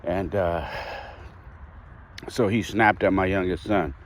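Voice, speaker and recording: A man's voice: deep voice, steady tone, slow pace. A man hosting a podcast, telling a personal story candidly and reflectively, with restarts and the odd sigh. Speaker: podcast host.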